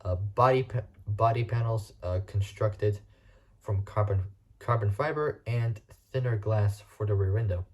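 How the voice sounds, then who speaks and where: A man with a fairly low, warm, mellow voice reads car facts aloud for a casual video. He stumbles often, restarting phrases and spelling out words letter by letter. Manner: halting reading with frequent restarts and spelled-out words.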